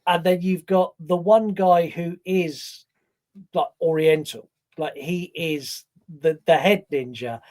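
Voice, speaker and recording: A man co-hosting a film podcast, his voice sitting a touch high for a man. He chats casually and keeps breaking into acted-out quotes from the scenes he describes. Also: slow, darkish tone. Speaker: podcast co-host. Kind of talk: casual film review chat.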